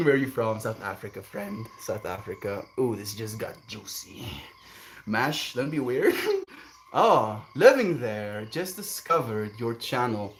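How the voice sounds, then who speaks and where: A man streaming live, reading viewer comments aloud and answering them in a relaxed, chuckling way, sometimes drifting into gentle musings. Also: mid-range voice, a little slow, a little hiss or hum. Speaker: livestreamer reading chat. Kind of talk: casual livestream chat.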